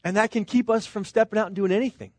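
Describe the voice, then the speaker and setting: A man's voice: high voice, quick pace, darkish tone, no echo. A middle-aged man, a pastor, preaching a sermon in an earnest, conversational way, full of rhetorical questions to the congregation.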